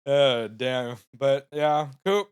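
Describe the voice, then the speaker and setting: A man's voice: medium pitch, extremely slow, clear, resonant tone. A man co-hosting a casual podcast, playful and laughing often as he asks his co-host questions. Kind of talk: casual chat.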